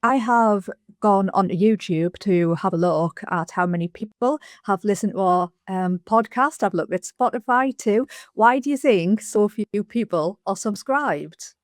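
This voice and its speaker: A woman's voice: mid-range voice, a little slow, few pauses, no room sound, studio quality. A woman with a Geordie accent co-hosting a podcast in casual, self-mocking chat, speaking with a sore throat. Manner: chatty, self-mocking, laughs easily. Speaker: podcast co-host.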